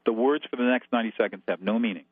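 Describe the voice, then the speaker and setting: A man's voice: medium pitch, racing, husky, dry recording. A man as a guest expert, calling in and laying out numbered steps in a methodical, instructive way over a tinny phone line. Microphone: telephone.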